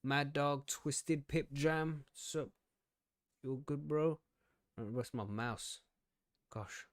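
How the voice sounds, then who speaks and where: A man's voice: on the high side, slow, clear, resonant tone, dry recording. A man hosting a live stream, chatting casually, rambling and poking fun at himself, with frequent swearing and easy laughter. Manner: rambling and self-deprecating, swears often, laughs easily. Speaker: podcast host.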